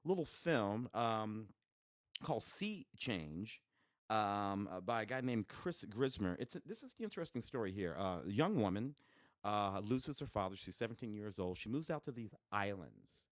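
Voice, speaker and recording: A man in casual podcast chat, his voice rising and falling with animated swings in pitch. He stumbles through fillers and restarts as he talks. The sound is dry and close, with no room echo. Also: normal speed. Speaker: podcast co-host. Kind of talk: casual chat reviewing home video releases.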